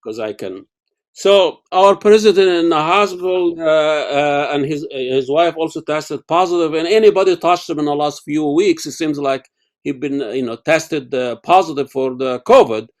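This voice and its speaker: A man hosting a casual interview over a video call, talking haltingly with many fillers and restarts. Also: fairly high pitch. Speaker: interview host.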